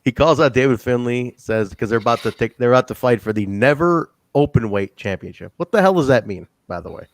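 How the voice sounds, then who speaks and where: A man's voice: medium pitch, no room sound. A man co-hosting a wrestling review podcast in casual chat, teasing the others and laughing often. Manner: animated, teasing, quick to laugh. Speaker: podcast co-host.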